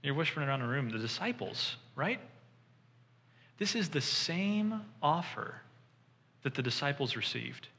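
A man preaching a sermon, retelling scripture with lively storytelling and acting out the lines of the people he quotes. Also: on the high side, measured pace, long pauses, long reverb tail. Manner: animated storytelling, voices quoted figures.

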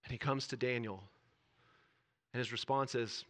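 Male pastor, bright tone, fervent repetitive sermon delivery in a church. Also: mid-range voice, steady tone, moderate pace, long pauses. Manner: preaching with rising intensity, repeating phrases.

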